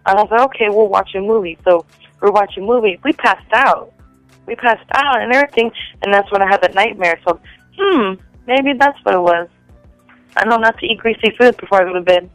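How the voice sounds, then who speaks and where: A woman telling rambling stories in a casual chat, full of "like" fillers and animated quotes of other people. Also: mid-range voice, a little fast, dry recording, faint music behind, rough recording.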